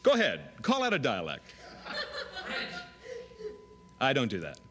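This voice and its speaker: A man's voice: medium pitch, background noise. A man auditioning as a comedian, talking plainly between bursts of character voices. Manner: animated, rapid switches between voices and his plain delivery.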